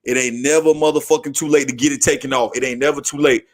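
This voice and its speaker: A man hosting his own podcast, talking in a casual, slangy, profane way that gets excitable and breaks into shouting. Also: medium pitch, quick pace. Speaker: podcast host. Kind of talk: casual hyped sports talk.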